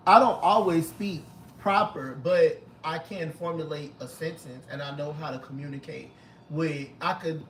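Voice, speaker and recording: A man's voice: fairly high pitch, a bit bright, a little hiss or hum, poor audio. A man as an interview guest in casual chat, talking earnestly and with emphasis, often acting out voices.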